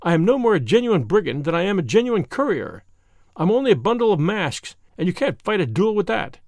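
A man's voice: sits high, sing-song, fairly quick, darkish tone, dry recording, clean studio sound. A man voicing a flippant, mocking actor who poses as a brigand, read in a story. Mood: breezy. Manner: breezy and mocking.

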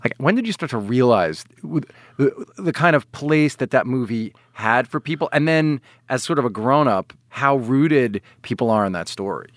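Lively middle-aged male podcast host. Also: mid-range voice, normal speed, no room sound, studio quality. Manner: eager, curious questioner. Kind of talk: casual podcast interview.

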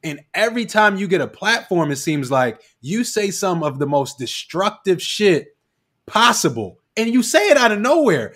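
A man's voice: high-pitched, big pitch swings, moderate pace, a bit bright. Heated, profane male co-host. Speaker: podcast co-host. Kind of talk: casual chat.

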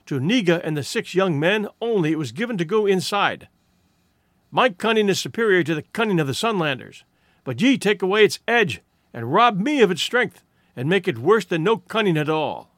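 A man playing a cunning chief from an old storybook, grim and scolding, in a lively voice that swings up and down. He sits a little high and sounds dry and close. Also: normal speed, no echo. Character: cunning scheming male village chief.

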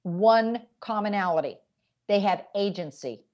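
Speaking at a measured pace in a mid-range voice, the guest, a woman who writes about parenting, describes raising boys in an animated podcast interview. She's an energetic storyteller who quotes the kids she interviewed and their parents.

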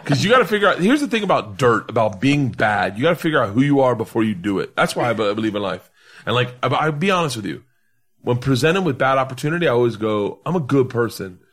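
A middle-aged comedian telling a rowdy, profane story in a casual podcast chat, laughing and acting out the other people's lines. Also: male voice, mid-range voice, fast talker, husky. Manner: animated, swearing, laughing storyteller acting out quotes. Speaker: comedian guest.

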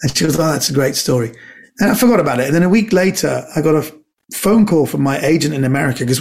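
Podcast guest: man, slightly high, gravelly voice, lively storyteller who acts out quotes. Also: fast talker. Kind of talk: anecdotal casual chat.

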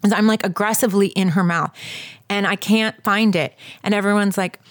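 In a steady, medium-pitched voice at normal speed, a woman in her thirties relates a story as a podcast co-host. The chat is casual, and she emphasizes her words a great deal as she tells it to listeners.

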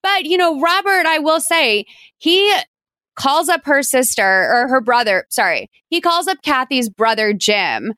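A woman co-hosting a podcast, chatting casually about a movie with quick asides and frequent laughs. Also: high voice, sing-song, bright, forceful tone, no room sound, studio quality. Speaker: podcast co-host.

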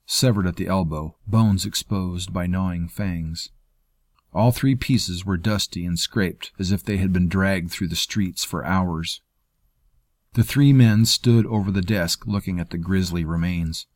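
A man reading a fantasy story in measured, scripted narration. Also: low-pitched, no room sound, studio quality. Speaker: audiobook narrator.

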